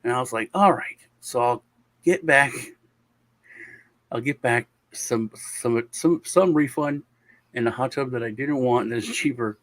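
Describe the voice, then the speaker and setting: A man's voice: mid-range voice, unhurried, fairly bright tone. A man hosting a show, telling a long story in casual chat over a video call, with lots of restarts and sighs. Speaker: show host.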